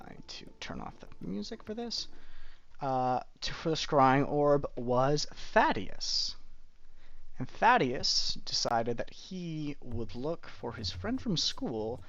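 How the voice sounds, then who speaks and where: A man narrating a tabletop game as game master, casually and haltingly, with many fillers. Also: medium pitch. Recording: dull lo-fi stream audio.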